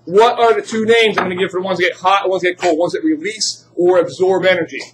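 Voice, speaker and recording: Chatty high-voiced male chemistry teacher. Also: steady tone, fast, a bit bright, a little hiss or hum. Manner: chatty, joking asides, quizzing the class. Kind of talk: classroom lecture. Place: classroom.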